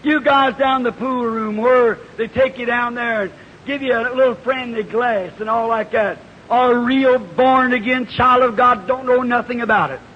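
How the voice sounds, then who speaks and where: A man preaching a revival sermon, telling a folksy story that builds into shouted fervor, heard on an old archival tape. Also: very high voice, moderate pace, slight background noise. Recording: dull old archival tape in a reverberant hall.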